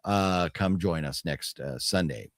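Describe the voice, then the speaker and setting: A man hosting a live stream in a relaxed, easygoing way, reading out viewer comments between bits of chat. His voice sits a little low, and the recording is dry and close with no room sound. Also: a little slow, dry recording. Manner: relaxed, laid-back, reads chat comments aloud. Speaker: host.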